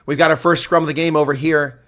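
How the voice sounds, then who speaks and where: A man calls live rugby play-by-play in a bright, forceful voice that sits a little high. He rattles off the action, turns to viewers with chatty asides and shouts on big plays. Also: steady tone, quick pace. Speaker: rugby commentator. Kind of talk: live play-by-play reaction commentary.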